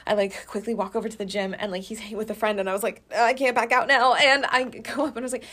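A woman's voice: medium pitch, fast talker, a bit bright. A young woman in her twenties telling a funny story in casual chat, bubbly and giggly with plenty of fillers. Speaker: guest.

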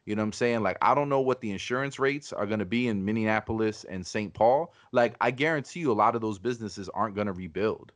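A man's voice: on the low side, fast, hardly any pauses, no room sound. A man hosting a podcast, arguing his point in an emphatic, profane, combative way. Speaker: podcast host. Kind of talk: casual podcast debate.

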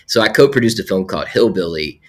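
A man's voice: sits low, animated, fast talker. A man who is a film producer, talking in casual conversation with many restarts and fillers while sick with a cold.

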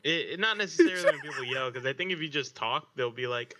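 A man joking crudely and deadpan in casual podcast chat. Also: mid-range voice, fast.

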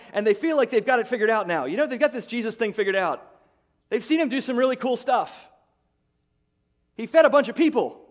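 Here a middle-aged man preaches as a pastor in a very high-pitched voice. His conversational delivery leans on repeated words and climbs into excited outbursts.

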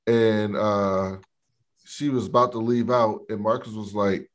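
In a relaxed podcast conversation, this co-host walks through a TV episode using slang and acting out the characters' dialogue. His voice is on the low side, steady in tone, and a little slow.

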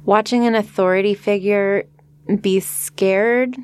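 A woman's voice: mid-range voice, fairly even intonation, takes it slowly, clear, resonant tone, no echo. Earnest female podcast co-host. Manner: earnest, reflective. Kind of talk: casual podcast discussion.

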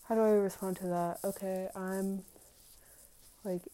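Woman podcaster, warm low-key tone, candid and sweary, confessional diary monologue. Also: level tone, a little slow, rough recording. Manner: candid and profane, reading out her text messages. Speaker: podcaster recording a personal diary episode.

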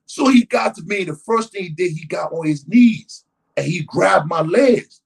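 A man's voice: high voice, moderate pace, gravelly, slightly rough, rough recording. A man telling a long story in casual conversation, acting out the people in it and often asking "you know what I mean". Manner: animated, acts out quotes, frequent "you know what I mean". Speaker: guest.

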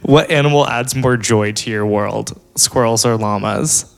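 A man with a gravelly, mid-pitched voice chats casually on a podcast, teasing his co-host and swearing offhandedly. A long reverb trails behind his words. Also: unhurried.

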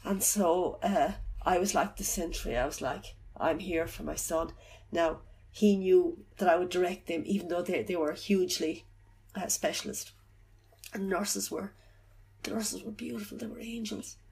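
A middle-aged woman telling of her loss in an interview. She talks haltingly and softly, often searching for words. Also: on the low side, vocal fry. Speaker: bereaved mother telling her story. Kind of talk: personal account in an interview.

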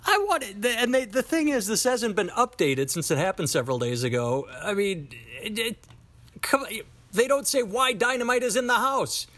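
A man's voice: sits high, normal speed. A man co-hosting a casual comedy podcast, rambling and swearing as he wraps up the news. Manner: animated, profane, rambling with restarts. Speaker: podcast co-host.

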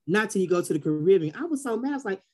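A woman from the Texas Gulf Coast, a guest on a casual podcast interview, tells animated stories and acts out the people she quotes. Her mid-range voice races along.

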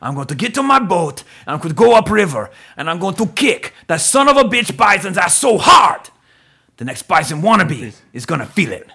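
A man voicing a gruff male army colonel who gives a rallying speech, building to a roar. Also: a little high, big pitch swings, a little slow, bright, forceful tone, full character voice.

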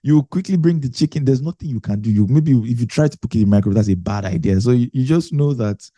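A man's voice: mid-range voice, animated, quick pace, mellow, no room sound. A man preaching a conversational Bible teaching, chatty and self-correcting, laughing often.

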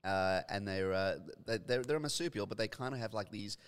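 An Australian man with a fairly low voice, talking casually on a podcast and filling his explanations with ums and laughs. The recording carries a long, ringing reverb. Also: brisk, clear, resonant tone. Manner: explains at length with many ums, laughs easily. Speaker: guest.

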